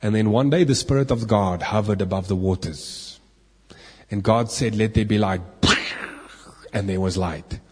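A man's voice: medium pitch, a little mellow, husky. A man teaching from the Bible to a live group, asking his listeners questions and making playful asides. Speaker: preacher. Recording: echoey hall.

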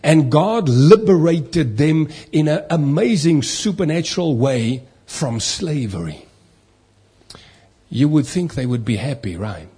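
A man's voice: fairly high pitch, mellow, breathy edge. A man preaching a sermon as a pastor, asking rhetorical questions and acting out the complaining voices of others.

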